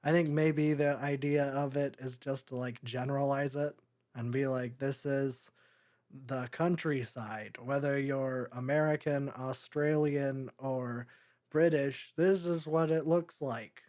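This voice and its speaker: A man's voice: mid-range voice, fairly even intonation, unhurried, darkish tone. A young man co-hosting a podcast, reviewing a movie in rambling, sarcastic casual chat full of fillers. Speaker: podcast co-host.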